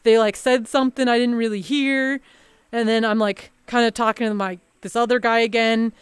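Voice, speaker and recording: A woman's voice: on the high side, fairly even intonation, moderate pace, smooth, no echo. A woman streamer telling a story in a casual, rambling chat full of fillers and restarts.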